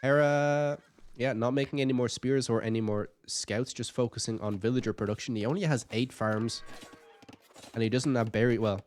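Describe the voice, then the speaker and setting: A man's voice: mid-range voice, fairly even intonation, moderate pace, a little mellow, a little hiss or hum. A man giving casual commentary on a strategy game match, chatty and thinking aloud with light jokes. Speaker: game caster.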